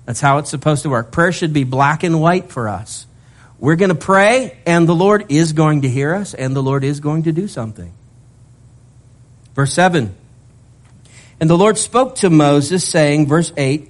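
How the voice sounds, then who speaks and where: A male pastor preaching a sermon in an animated way, mixing scripture reading with humorous asides. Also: a little high, normal speed.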